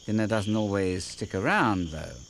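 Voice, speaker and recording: A man's voice: on the low side, expressive, normal speed, fairly bright tone, a little hiss or hum. A man narrating a nature documentary for kids in a playful, jokey scripted style with wisecracking asides. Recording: background music with crickets.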